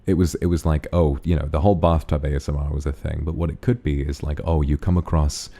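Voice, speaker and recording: A man's voice: very deep voice, steady tone, quick pace, mellow, soft background music. A man streaming casually, rambling about ideas and thanking donors one by one. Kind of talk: casual stream chat reading donations.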